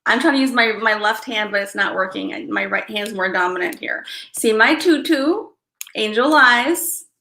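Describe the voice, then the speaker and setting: A woman hosting a casual livestream, greeting viewers by name, thinking out loud and apologizing often. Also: a little high, expressive, moderate pace, echoey room. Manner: apologetic, drops to mutters and whispers. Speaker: livestream host.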